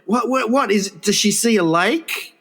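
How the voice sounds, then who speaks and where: A man's voice: high-pitched, unhurried, a bit bright. A man co-hosting a crude comedy podcast, rambling and stumbling through stories and laughing often. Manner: rambling, stumbling storyteller who laughs a lot. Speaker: podcast co-host.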